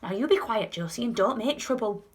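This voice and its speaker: A woman voicing a calm, loyal old grandfather in a children's storybook reading. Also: a little high, brisk, breathy edge, voice pushed up. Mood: hushing.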